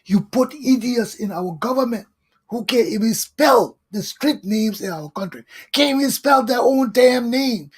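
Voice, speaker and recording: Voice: medium pitch, lively intonation, measured pace, breathy edge. A talk show host, delivering a fiery, scolding political monologue full of repetition. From Liberia.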